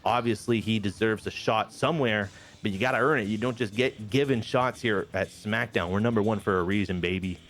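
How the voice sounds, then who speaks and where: A man with a fairly low voice tells the story of a wrestling game session like a lively storyteller. He jumps into little voices for the wrestlers as he goes, and faint music plays underneath. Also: brisk. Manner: animated storyteller, briefly acting out wrestlers' lines. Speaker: game show host narrating a wrestling sim. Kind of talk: casual narrated commentary.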